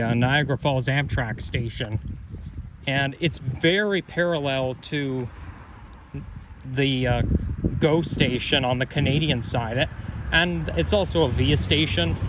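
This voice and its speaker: A man vlogging as he walks city streets, chatty and rambling, correcting himself as he goes and a bit out of breath. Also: fairly high pitch. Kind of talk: casual walking commentary. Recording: street noise behind outdoor walk. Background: traffic and street noise.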